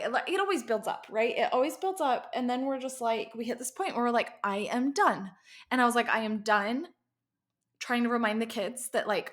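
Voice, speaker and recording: A woman in her thirties hosting a parenting podcast, telling a story with many asides in a casual pep-talk style. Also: a little high.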